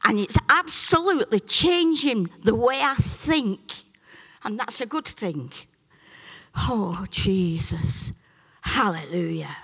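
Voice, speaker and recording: A middle-aged woman preaching a sermon and telling a personal testimony, swinging between loud, emphatic peaks and soft, chatty asides. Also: medium pitch, lively intonation, slow, slightly rough. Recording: long reverb of a large hall.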